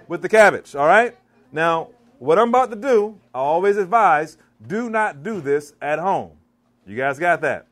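A chef from the DC and Maryland area, with a Maryland accent, gives a live cooking demonstration in a church hall. His voice is on the high side, animated and fairly bright at normal speed, as he playfully quizzes the audience in call and response.

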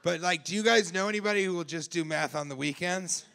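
A man doing improvised stand-up crowd work, teasing people in the audience, laughing often and shouting out punchlines. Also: high voice, fast talker, vocal fry. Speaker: stand-up comedian. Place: live comedy club.

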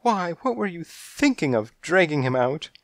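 A man voicing a fussing, motherly female cat in a high, cooing tone in a storybook reading. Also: big pitch swings, normal speed, no room sound. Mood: fretful doting.

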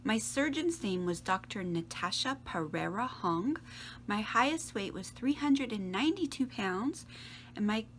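A woman's voice: fairly high pitch, slight background noise. A middle-aged woman chatting casually in her video diary, upbeat, sometimes dropping to a whisper for asides. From Canada. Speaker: vlogger.

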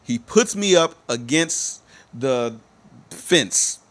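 A man's voice: mid-range voice, lively intonation, drawn-out words, fairly bright tone. A man telling a personal story to his viewers, speaking emphatically and repeating that he is telling the truth. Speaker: motivational speaker.

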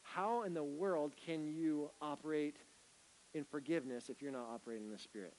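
A man preaching a sermon as pastor, swinging from loud, emphatic bursts to hushed, gentle lines. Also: a little high, fairly quick, a little hiss or hum, poor audio.

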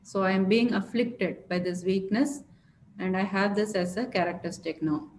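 A woman explaining a scripture word by word in a lecture, pausing often with fillers. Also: mid-range voice, steady tone, darkish tone. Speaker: scripture teacher. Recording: echoey room with faint noise.

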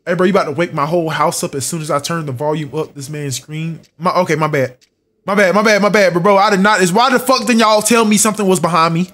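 Jumpy high-voiced young man streaming a horror game. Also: quick pace, a bit bright. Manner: mutters checklists, jumpy, swears and talks to chat. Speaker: gaming streamer.

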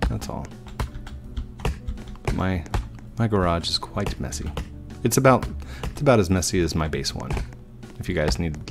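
A man's voice: sits low, vocal fry. A man casually chatting to viewers as he builds in a game, easygoing and talking to himself as he goes. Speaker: gaming YouTuber. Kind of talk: casual let's-play commentary.

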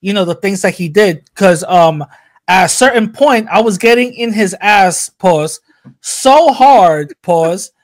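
A man's voice: high-pitched, animated, a little slow. A man on a casual podcast, telling a heated story with lots of profanity and acted-out quotes. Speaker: podcast co-host.

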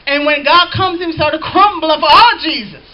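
A woman's voice: high-pitched, fairly even intonation, fairly quick. A woman pastor preaching a sermon, reading scripture aloud and calling out to the congregation. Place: church. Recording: dull lo-fi church recording with faint hiss.

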